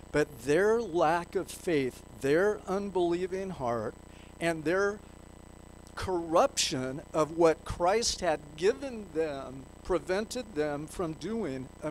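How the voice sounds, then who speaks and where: Slow, high-voiced man preaching. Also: lively intonation, a little hiss or hum, rough recording. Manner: rhetorical questions to the congregation, reads scripture aloud. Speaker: pastor. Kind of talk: sermon. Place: church.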